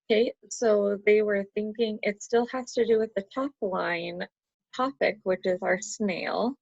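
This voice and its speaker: A woman's voice: mid-range voice, unhurried, vocal fry, darkish tone, no room sound. A woman teacher talking through an online class lesson, patiently explaining step by step and counting syllables aloud. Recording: dull lo-fi computer audio.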